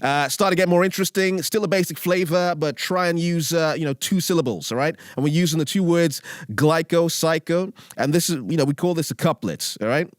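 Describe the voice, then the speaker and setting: A man's voice: fairly high pitch, brisk, few pauses, dry recording. A man with a British accent giving a casual lesson on writing rap lyrics, often checking in with "all right?" and "okay?". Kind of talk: casual instructional talk with rap examples. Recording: dry close mic with faint beat underneath.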